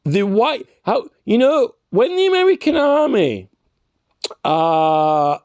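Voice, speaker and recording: With a high-pitched, a little mellow voice and big pitch swings, a male reaction vlogger rants combatively in clean studio sound with no echo. He keeps challenging the man he's arguing with, his speech full of halting restarts and stammers.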